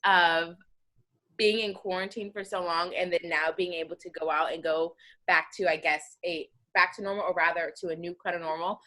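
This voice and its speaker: A young American woman hosts a casual podcast interview. Her voice is bright and ringing. She tells stories in a chatty, meandering way, full of fillers. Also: on the low side, a little fast. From United States. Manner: chatty, animated storytelling with many fillers. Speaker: podcast host.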